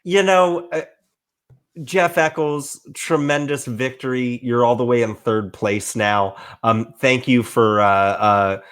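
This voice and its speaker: A man's voice: mid-range voice, slow pace, fairly bright tone, smooth, no room sound, studio quality. A man hosting a casual podcast, trash-talking his friends with profane, mock-outraged rants. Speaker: podcast host. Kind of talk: casual chat.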